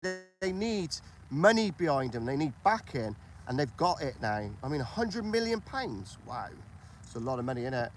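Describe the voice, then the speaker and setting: A man's voice: mid-range voice, big pitch swings, normal speed, slight background noise. A British man hosting a casual political chat on a livestream, repeating himself and asking for agreement. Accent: British English. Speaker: livestream host.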